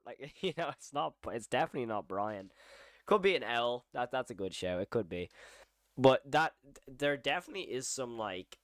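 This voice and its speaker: A man's voice: medium pitch, animated, normal speed, fairly bright tone, no room sound. A man hosting a casual live horror reaction stream, thinking aloud, rambling and repeating phrases as he goes. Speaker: horror channel host.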